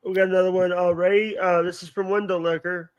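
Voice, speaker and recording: High, smooth-voiced stammering man. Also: flat delivery, no echo, dull audio. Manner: halting, stammering. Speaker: co-host reading chat. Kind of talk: casual livestream chat.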